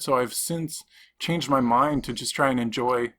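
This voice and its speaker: Young male co-host from Canada, casual and rambling, middle-pitched. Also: normal speed, fairly bright tone. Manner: rambling storyteller, many restarts. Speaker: podcast co-host. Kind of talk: casual chat.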